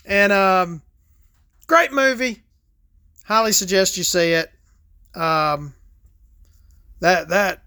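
A woman's voice: sits low, slow pace, creaky, long pauses, sharp tone, no echo, studio quality. A woman hosting a casual, rambling monologue, talking loosely and swearing freely as she stops to smoke and sip a drink. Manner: rambling, profane, laid-back storytelling; smoking and sipping between topics.

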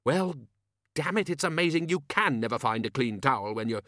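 A man voicing a blustering older male wizard head who talks loud and hearty. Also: mid-range voice, animated, a little fast, dry recording, clean studio sound, close to an everyday voice.

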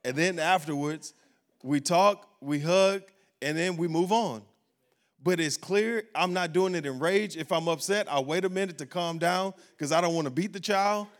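A male pastor delivers a sermon in a church sanctuary, his voice sitting a touch higher than most men's. He preaches emphatically, repeating key phrases to drive each point home. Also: moderate pace.

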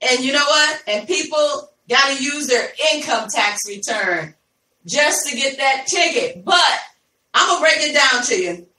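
High-voiced chatty woman podcast host. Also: animated, unhurried, pushed and bright. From Ohio, USA. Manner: chatty, addresses listeners as y'all, laughs easily. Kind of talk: casual live podcast chat. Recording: echoey room, voice from a distance.

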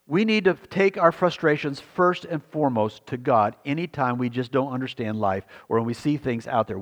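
A man's voice: medium pitch, big-room sound. A male pastor preaching a sermon, earnest and repetitive, often putting questions to the congregation.

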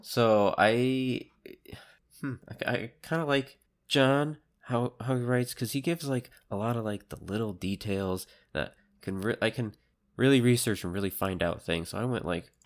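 Very deep-voiced hesitant man. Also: unhurried. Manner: hesitant, rambling, full of likes and restarts. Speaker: podcast co-host. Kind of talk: casual chat.

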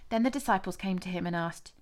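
A woman's voice: on the low side, quick pace. Woman reading scripture aloud. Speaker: scripture reader. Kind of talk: scripted narration.

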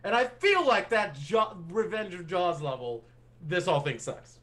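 Lively, emphatic higher-voiced man. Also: normal speed. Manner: emphatic, blunt opinions, repeats himself. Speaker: podcast co-host. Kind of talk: casual movie chat.

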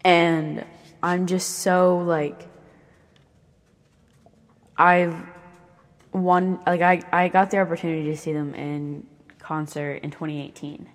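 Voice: medium pitch, level tone, slow pace, pauses often, long reverb tail. A young speaker in their twenties with a Southern US accent, rambling casually and swearing often while moving around their bedroom. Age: 20s. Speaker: vlogger.

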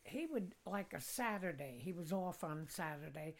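An older American woman tells rambling personal stories as a podcast guest. Her voice sits low for a woman, and she chuckles at her own jokes as she goes. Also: animated, moderate pace, vocal fry. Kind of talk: casual storytelling.

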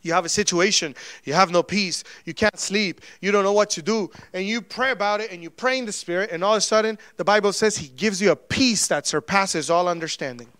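A man preaching a sermon in a conversational way, with sudden swings between loud and soft. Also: sits high, a little fast, few pauses, no echo. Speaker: pastor.

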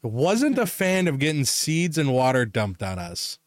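A young man co-hosting a podcast in casual chat, telling animated stories with lots of swearing and laughter. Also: medium pitch, measured pace, dry recording, studio quality. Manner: swears a lot, laughs often, animated storytelling. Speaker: podcast co-host.

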